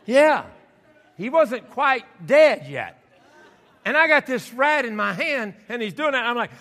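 A man preaching a sermon, telling a story and acting out the scenes with shouts and laughter, recorded in a church sanctuary. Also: very high voice, expressive, brisk. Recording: church hall with long reverb.

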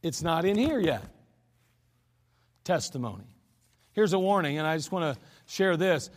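A man's voice: fairly high pitch, expressive, normal speed. A man preaching a sermon in a church, earnest and emphatic in a conversational way. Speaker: pastor. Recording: echoey church hall.

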